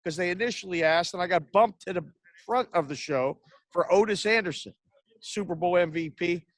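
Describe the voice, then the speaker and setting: A man's voice: high voice, moderate pace, dry recording. A man hosting a sports betting podcast, talking in a rambling, brash, casual way and swearing freely. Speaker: podcast host.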